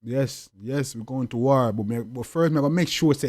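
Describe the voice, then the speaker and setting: A young man with a Jamaican accent, talking in an interview in a forceful, repetitive way with loud emphatic bursts. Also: mid-range voice, normal speed, few pauses, dry recording, studio quality. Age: young adult. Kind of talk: interview talk.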